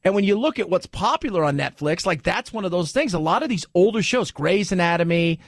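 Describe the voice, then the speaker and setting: A man hosting a talk radio show, commenting in an animated, rambling way with restarts. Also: high voice, a little fast, no echo, studio quality.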